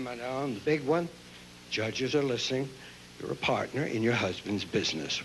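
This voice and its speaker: A man hosting a pageant, interviewing contestants on stage with quick, joking banter. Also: medium pitch, expressive, fairly bright tone. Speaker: pageant host. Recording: noisy live stage recording.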